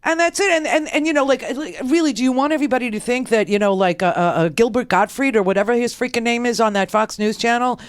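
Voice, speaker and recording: A woman's voice: on the high side, quick pace, hardly any pauses. A woman in her forties hosting a political talk radio show, scornful and rambling, full of fillers and restarts.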